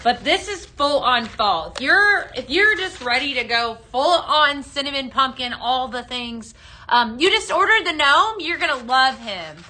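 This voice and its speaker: A woman's voice: high-pitched, lively intonation, unhurried, bright, forceful tone. A woman hosting a daily live-selling stream for home fragrance, chatting casually and greeting viewers by name as she mixes blends. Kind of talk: live shopping stream chat.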